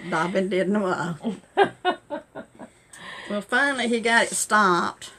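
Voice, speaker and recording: An older woman telling old family stories in a folksy, lively way. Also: fairly high pitch, slow pace, pauses often. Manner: folksy, animated in quotes, laughs. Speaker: family storyteller. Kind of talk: casual oral storytelling. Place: home sewing room. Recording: noisy, sewing machine hum.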